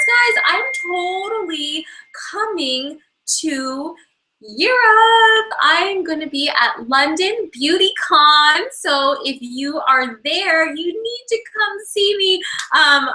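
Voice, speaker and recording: A woman fitness instructor answering fan questions in a live online Q&A over a video call, bubbly, gushing and excitable. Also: high voice, poor audio.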